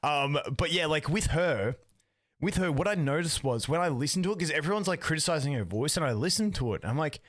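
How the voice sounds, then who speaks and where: A young man co-hosting a podcast in casual chat, his voice worn out after just waking up, relaxed and laughing often. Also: fairly high pitch, a little fast, no room sound, clean studio sound. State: voice shot, just woke up. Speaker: podcast co-host.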